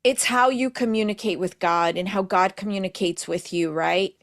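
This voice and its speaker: A woman's voice: medium pitch, moderate pace. Woman podcast host, reflective. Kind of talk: casual faith conversation.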